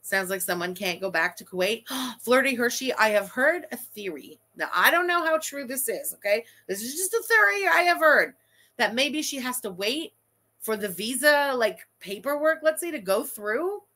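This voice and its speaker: This woman runs a commentary channel and reacts to a livestream with blunt, sarcastic, profanity-laced remarks. She speaks at normal speed in a sharp, fairly high voice with big pitch swings.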